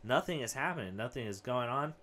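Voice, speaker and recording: A young man hosting a comedy podcast, rambling through a story and acting out the other people in it. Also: fairly quick. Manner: animated, acts out quoted voices with big pitch jumps. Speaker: podcast host. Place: home studio with a whiteboard.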